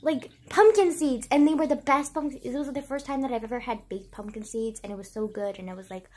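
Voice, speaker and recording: A woman's voice: fairly high pitch, a little fast, darkish tone, slightly rough. A young woman telling childhood stories to her viewers in a rambling, casual way, full of "like" and swearing. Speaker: vlogger. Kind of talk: casual storytelling to camera.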